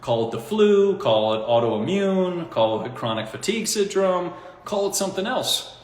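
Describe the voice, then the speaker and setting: A man talking in a casual, rambling monologue, animated and mocking, often breaking into laughter at his own points. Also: high-pitched, normal speed, slight background noise. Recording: echoey room with long reverb.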